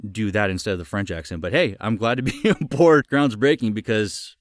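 A man in his twenties, a guest voice actor chatting casually on a podcast, upbeat and quick to laugh, often repeating words as he goes. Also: on the low side, dry recording, studio quality.

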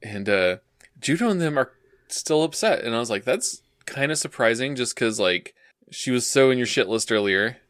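A man's voice: mid-range voice, expressive, normal speed, a bit bright, no room sound, studio quality. A man co-hosting a podcast, recapping an anime episode in a laid-back way, laughing often and reading quotes from his notes. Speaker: podcast co-host. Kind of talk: casual episode recap chat.

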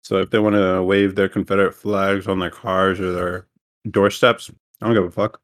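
Male podcast host, lowish voice, casual and teasing, voice-chat recording. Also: flat delivery, moderate pace. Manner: joking, teasing, laughs often. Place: home, separate rooms.

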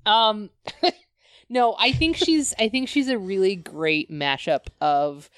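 A woman's voice: medium pitch, slow, dry recording, studio quality. A woman co-hosting a podcast in casual chat, opinionated and laughing often. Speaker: podcast co-host.

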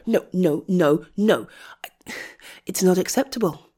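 A young woman speaking straight to the listener in a comfort role-play, fiercely protective and indignant, with exasperated sighs and moments that drop to a soft near-whisper. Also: on the low side, measured pace, breathy edge. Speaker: audio role-play creator.

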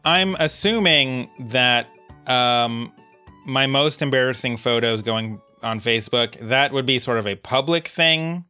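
A man's voice: medium pitch, a little slow, bright, forceful tone, clean tone, faint music behind. A man hosting and editing a podcast, chatting casually in a dry, wry way. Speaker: podcast host and editor. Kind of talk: casual chat.

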